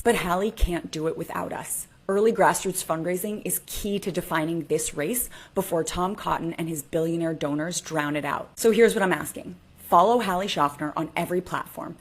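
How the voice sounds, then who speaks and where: A woman's voice: fairly low pitch, breathy edge. A woman making an urgent, persuasive political fundraising appeal. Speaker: campaign supporter.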